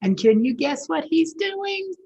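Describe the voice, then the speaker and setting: A woman's voice: very high-pitched, measured pace, vocal fry. A woman librarian reading a picture book aloud at a children's story time, asking the kids questions as she goes. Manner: animated, asks the children questions.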